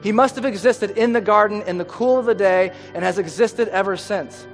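A man's voice: high voice, brisk. A man preaching a sermon as pastor, earnest and emphatic, letting phrase endings fall away. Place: church sanctuary. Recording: hall reverb with faint music.

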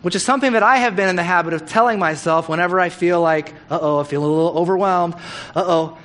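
A middle-aged man giving a sermon, telling a story in a casual, animated way and acting out the quotes. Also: high voice, fast.

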